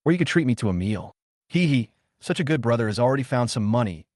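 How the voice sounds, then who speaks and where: A man's voice: medium pitch, very animated, quick pace, darkish tone, no echo, studio quality, close to an everyday voice. A man voicing an indignant young male student who is easily riled and complains in a huffy way.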